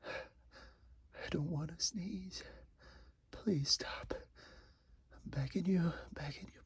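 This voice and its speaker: Male voice for a whispered role-play, husky and gravelly, slow and halting, pleading between sneezes. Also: a little high, a bit bright, dry recording. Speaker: audio role-play performer.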